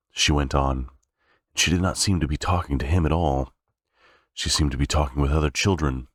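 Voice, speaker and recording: A man with an extremely deep voice sight-reads a novel aloud. He halts now and then, fixing slips and restarting phrases. The recording is dry and close. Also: steady tone, moderate pace, no room sound. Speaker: reader. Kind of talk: unrehearsed novel reading.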